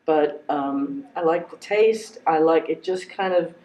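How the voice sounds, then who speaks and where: A man's voice: a little high, measured pace, darkish tone, roomy sound, rough recording. A middle-aged man playing a client in a practice counseling interview, hesitant and rambling with many fillers. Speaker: client in a training role-play. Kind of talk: clinical interview role-play.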